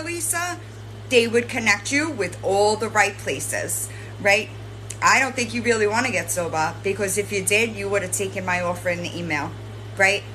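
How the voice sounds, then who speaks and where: Her mid-range voice bright and forceful, a woman who hosts a commentary channel scolds a streamer head-on, cursing and ending points with "right?". There's slight background noise, and the recording quality is low.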